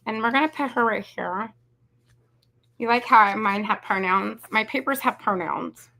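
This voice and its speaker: A woman's voice: mid-range voice, a little slow, gravelly, sharp tone. A woman, chatting casually and rambling as she hosts a craft tutorial. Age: 40s. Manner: chatty, rambling, says "y'all" and "you guys". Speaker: craft video host.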